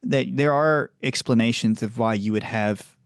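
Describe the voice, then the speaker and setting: A man from the American South hosting a podcast, chatting in a rambling, animated way and laughing often. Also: moderate pace, clear, resonant tone, no room sound, studio quality. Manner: animated, rambling, laughs often, jumps up in pitch when telling stories. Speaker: podcast host. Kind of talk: casual chat.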